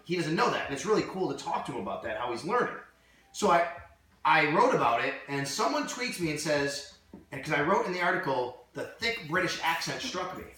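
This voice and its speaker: Brief: excitable man spinning a sports story, bright tone, echoey room and distant mic. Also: fairly high pitch, fairly quick. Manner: animated storyteller, lots of "like". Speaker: sports reporter guest. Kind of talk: casual podcast chat.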